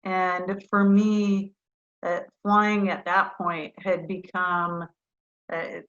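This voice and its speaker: Speaking with drawn-out words at a fairly low pitch, this retired fighter pilot, a middle-aged woman, shares lively stories that make fun of herself. She's a guest on a video-call interview, and the audio is dull.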